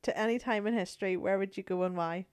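A woman's voice: medium pitch, fast talker, smooth. A woman co-hosting a casual podcast, reading out listener questions and teasing her partner with frequent laughter. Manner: giggly, teasing. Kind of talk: casual unscripted chat.

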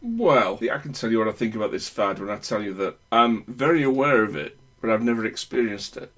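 A man's voice: on the low side, lively intonation, brisk, fairly bright tone. A man from the UK co-hosting a podcast, talking in a thoughtful, wordy way with frequent restarts. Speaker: podcast co-host. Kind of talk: casual chat.

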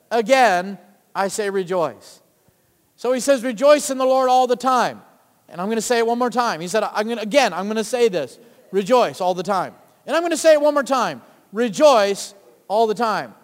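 A man preaches in a high, ringing voice, drawing amens and throwing questions out to the congregation. His words trail off into the long echo of a church sanctuary. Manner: rousing, calls for amens and asks the crowd questions. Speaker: pastor. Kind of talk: sermon. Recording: long reverb of a church hall.

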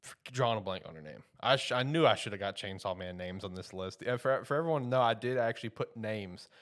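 A man's voice: on the low side, animated, fast talker. A man hosting a podcast, giving a casual, rambling episode recap full of fillers like "you know" and "like.". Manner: rambling, filler-heavy, loose and chatty. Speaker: podcast host.

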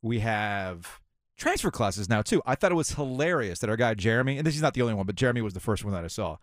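Brief: male sports talk host, sarcastic and fired up, lively pitch, dry studio sound. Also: fast, no echo. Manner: sarcastic, ranting, mocking voices of officials.

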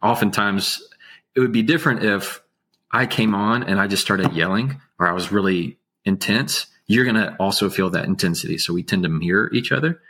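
A man with a very deep, slightly husky voice speaks slowly and evenly. His delivery is measured and soothing, with an unhurried calm. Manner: slow, measured, unhurried speech. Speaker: guest, attorney. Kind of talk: casual interview talk.

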